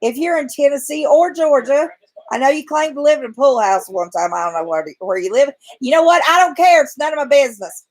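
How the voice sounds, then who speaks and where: A woman's voice: high voice, animated, brisk, poor audio. A woman ranting bluntly and profanely in a home vlog, from bed right after waking. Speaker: vlogger.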